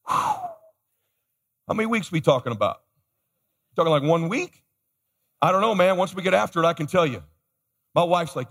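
A man's voice: high voice, expressive, brisk, gravelly, pauses often, fairly bright tone. A man giving a motivational keynote to a live audience, telling a story energetically and acting out the other people in it. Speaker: motivational speaker. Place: large conference hall. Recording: live hall with long reverb.

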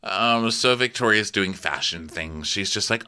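A man co-hosting a comedy recap, talking animated and playful, often jumping into mocking character voices. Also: lowish voice, a little slow, hardly any pauses, clear, resonant tone. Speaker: comedy podcast co-host.

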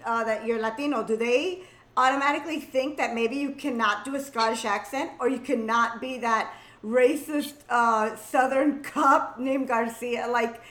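A woman's voice: a little high, fairly bright tone. A woman interviewing a guest in a casual way, chatty and mixing in some Spanish. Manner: chatty, mixes in Spanish, laughs often. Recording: echoey room.

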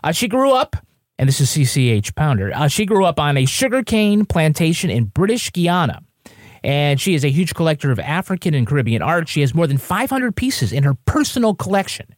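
A woman's voice: deep voice, sing-song, brisk, dry recording, clean studio sound. A woman co-hosting a podcast, casually reciting actor trivia and cracking jokes. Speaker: podcast co-host. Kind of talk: casual TV recap chat.

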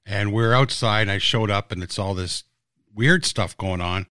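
A man's voice: fairly low pitch, normal speed, sharp tone, clear, resonant tone, no echo, clean studio sound. A man casually recalling how his TV series was made, blunt and swearing freely as he tells the stories. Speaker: TV series creator. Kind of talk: casual reminiscing chat.

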